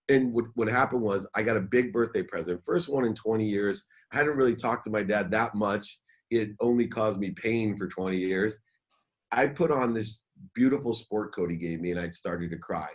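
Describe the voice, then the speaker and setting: A middle-aged man telling a personal story as an interview guest, candid and halting, often repeating words as he starts over. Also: on the low side.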